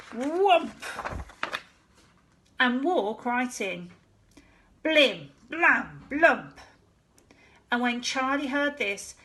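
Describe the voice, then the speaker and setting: A woman teacher reading a children's story aloud, slow and expressive, with playful sound-effect words. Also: a little high.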